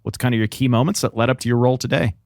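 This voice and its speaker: A man's voice: mid-range voice, rapid-fire, a little mellow, dry recording, clean studio sound. A man co-hosting a podcast, joking and asking rambling questions, with half his mouth numb from a dental injection. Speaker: podcast co-host. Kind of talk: casual podcast chat.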